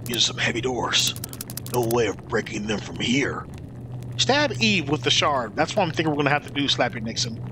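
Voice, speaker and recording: A man streaming a video game, talking to chat with excitable, swearing commentary. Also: mid-range voice, fairly quick, noisy background. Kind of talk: live gameplay commentary.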